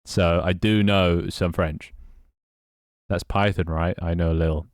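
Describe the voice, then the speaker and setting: A man's voice: deep voice, steady tone, a little slow, no room sound, studio quality. An English man streaming live, chatting casually with his viewers, laughing often, swearing and fumbling through playful mock French. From England. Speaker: live streamer reading chat.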